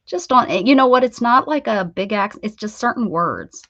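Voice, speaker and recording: A woman's voice: fairly high pitch, animated, moderate pace, fairly bright tone, no room sound. An American woman in middle age hosting a craft livestream, chatting casually with viewers in a rambling way, with restarts and laughs. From United States. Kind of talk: casual chat with live viewers. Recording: dull, dry lo-fi stream audio.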